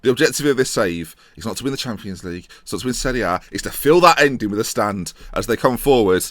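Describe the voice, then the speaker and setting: A young man giving excitable, jokey let's-play commentary on a football management game, thinking aloud as he goes. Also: lowish voice, fast, no echo, clean studio sound. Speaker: gaming YouTuber.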